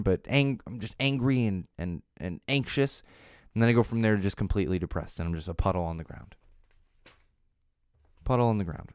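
A man's voice: mid-range voice, a little mellow, clear, resonant tone, dry recording, studio quality. A man, hosting a casual live-streamed talk show, chatty and rambling, often restarting his sentences. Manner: chatty, rambling, self-interrupting. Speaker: show host. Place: studio in Los Angeles.

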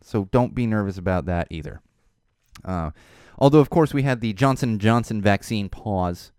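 A man delivers an animated, emphatic monologue with a pitch that rises and falls in lively sweeps. The sound is dry and close, with no room around it. He hammers key words and repeats them when upset. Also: normal speed, clear, resonant tone, dry recording. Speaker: show host. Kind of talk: casual monologue.

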